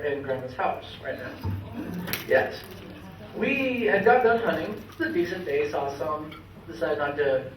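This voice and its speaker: A young American man giving an animated, storytelling speech at a memorial dinner, laughing often as he tells family hunting stories. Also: a little high. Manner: animated anecdote-telling, breaking into laughter. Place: large banquet room. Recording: echoey hall audio, heard from a distance with clear background noise.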